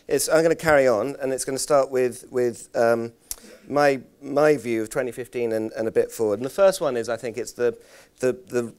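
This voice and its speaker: A man leading a conference workshop, talking in a halting way with repeated words and self-deprecating stories. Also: mid-range voice, darkish tone, clean tone. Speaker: workshop presenter. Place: conference room.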